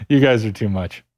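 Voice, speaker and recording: Game music plays as a man live-streams his gameplay, joking around with viewers in an upbeat, casual chat. His voice is mid-range with a darkish tone.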